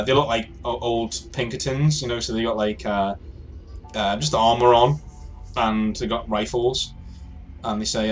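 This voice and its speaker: A man acting as game master, narrating a tabletop role-play game in a hesitant way with many fillers and restarts. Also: lowish voice.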